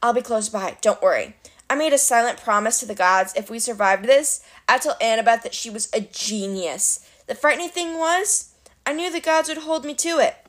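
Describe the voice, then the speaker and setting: Woman reading a storybook aloud, animated. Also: on the high side, normal speed. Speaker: reader of a novel. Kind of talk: storybook narration read aloud.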